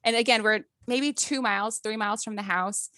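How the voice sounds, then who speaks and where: A woman's voice: fairly high pitch, steady tone, normal speed, bright, forceful tone, no room sound, clean studio sound. A woman in her thirties, a podcast guest telling a personal story in casual conversation, acting out quotes and laughing often.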